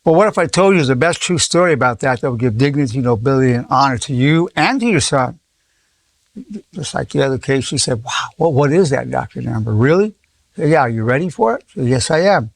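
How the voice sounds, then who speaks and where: Gravelly 80-something man teaching. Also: mid-range voice, lively intonation, fairly quick, dry recording. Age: 80s. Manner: repeats words and restarts, acts out quoted dialogue. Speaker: psychologist giving a lesson. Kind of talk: informal teaching talk with anecdotes.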